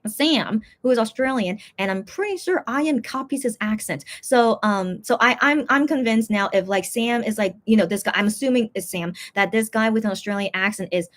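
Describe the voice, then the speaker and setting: A woman's voice: on the high side, a little fast, few pauses, a bit bright. A woman hosting her own channel, chatting casually to viewers in a rambling way, full of fillers and restarts. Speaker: fan vlogger, channel host.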